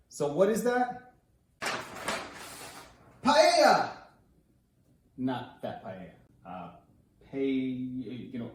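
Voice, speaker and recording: A man's voice: medium pitch, a little mellow. A man running for office, giving a scripted policy explainer with a playful, wry and emphatic delivery. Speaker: congressional candidate. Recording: echoey room.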